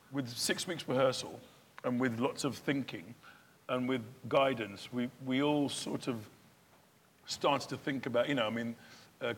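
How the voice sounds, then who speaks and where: A man's voice: medium pitch, a little hiss or hum. A male stage actor talking in an interview, chatty and self-deprecating, often restarting his sentences. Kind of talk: interview chat.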